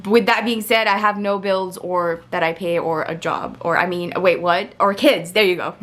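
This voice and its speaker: A young woman telling a story to her camera in a chatty, digressive way, often laughing at herself and getting animated as she retells an argument. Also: lowish voice, moderate pace. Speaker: vlogger. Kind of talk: casual storytime monologue.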